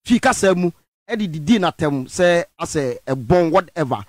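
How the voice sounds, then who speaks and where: A Ghanaian man hosting a radio interview, his voice fairly high. He asks his questions haltingly, stacking fillers and mixing languages. The recording is dry and close. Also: expressive, a little mellow, no room sound. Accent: Ghanaian English. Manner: halting, with many fillers and code-switching. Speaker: radio show host.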